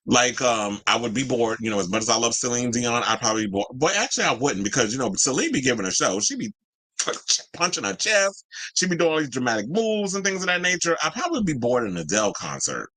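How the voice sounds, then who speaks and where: A man in his forties hosting a casual pop-culture chat, sassy and animated, swinging his pitch up into exclaimed asides. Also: quick pace, hardly any pauses, no echo. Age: 40s. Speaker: podcast host.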